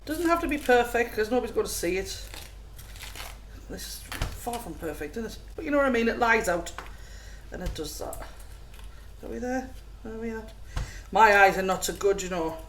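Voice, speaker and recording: Woman, chatty cooking vlog host, giggly, slightly high voice, echoey kitchen, noisy background. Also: lively intonation, normal speed, pauses often. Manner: chatty, giggly, self-mocking. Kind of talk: casual cooking demonstration. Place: home kitchen.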